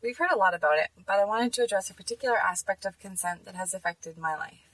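A woman's voice: medium pitch, quick pace, a bit bright, no room sound, far from the mic, poor audio. A woman hosting a podcast, speaking in an earnest, emphatic personal monologue. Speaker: podcast host.

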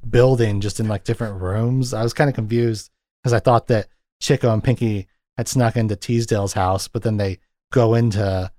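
A man's voice: on the low side, steady tone, moderate pace, a little mellow, no room sound, clean studio sound. A man co-hosting a casual film discussion, rambling and retelling scenes with lots of fillers. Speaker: podcast co-host. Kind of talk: casual chat.

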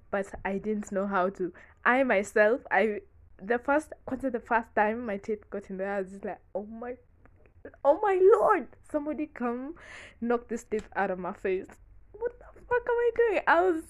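A young woman talking frankly in casual chat, excitable and quick to burst into laughter, swearing freely. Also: mid-range voice. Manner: frank and profane. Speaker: vlogger.

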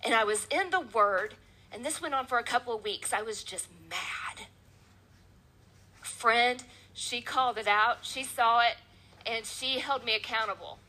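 A woman's voice: a little high, unhurried, pushed and bright, poor audio. A woman preaching a sermon in a church, driving her points home with emphatic, repeated phrases.

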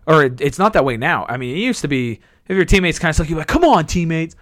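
Animated, profane young man telling stories. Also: fast, no echo, studio quality. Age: 20s. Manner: profane, rambling storytelling with high squeaky impressions. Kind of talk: casual chat.

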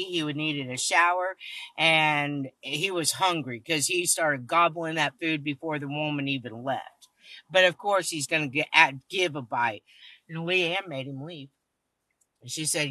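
A podcast host with a deep voice tells a long story in casual conversation, speaking at a measured pace in a recording with no echo. She's blunt and swears heavily, animatedly acting out other people's lines as quoted dialogue.

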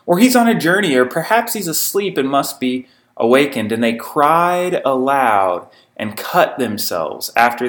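A man reading a scripture passage aloud and breaking in with informal comments of his own. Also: medium pitch. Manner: reads the passage steadily, breaks in with informal asides. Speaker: preacher.

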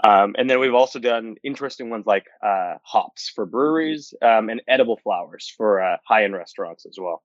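A man's voice: on the low side, a little fast, few pauses, no echo, lo-fi sound. A man speaking as an interview guest in an earnest, emphatic way, with frequent fillers and repeats. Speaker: guest, indoor farming company co-founder. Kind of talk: conversational interview.

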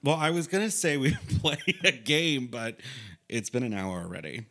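A man's voice: medium pitch, very animated, moderate pace, pushed and bright. A man co-hosting a podcast, teasing the others and steering the chat to questions. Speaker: podcast co-host. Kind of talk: casual comedic chat.

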